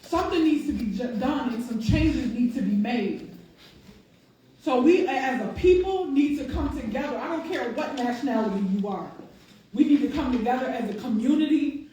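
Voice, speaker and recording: A woman's voice: sits high, expressive, moderate pace, warm tone. A grieving mother speaking out at a public meeting, impassioned and near tears. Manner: impassioned, insistent, repeating questions. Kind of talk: emotional public testimony. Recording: very echoey hall, mic far off, faint hiss.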